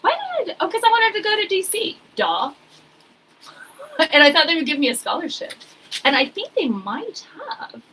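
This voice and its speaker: A woman's voice: very high-pitched, wildly swooping pitch, normal speed, pushed and bright, poor audio. A woman in her forties chatting casually while sorting old papers, rambling with wry asides. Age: 40s. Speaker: vlogger.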